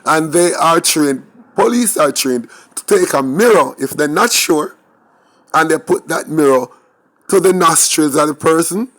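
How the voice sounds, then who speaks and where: A man's voice: a little high, unhurried, a bit bright. A man with a Jamaican accent giving opinionated crime commentary, talking straight to his viewers and firing off rhetorical questions. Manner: emphatic, rhetorical questions, talks to viewers directly.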